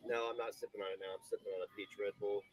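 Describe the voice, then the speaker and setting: A man's voice: lowish voice, flat delivery, racing, poor audio. A man livestreaming, chatting to viewers in a rambling, upbeat way and asking for tips.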